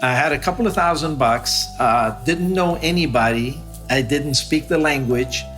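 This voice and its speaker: A man from Iran tells his personal story, reflective and halting, pausing on fillers. His voice sits at an ordinary pitch, with faint music playing underneath. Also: a bit bright. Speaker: guest sharing his story. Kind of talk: testimonial interview.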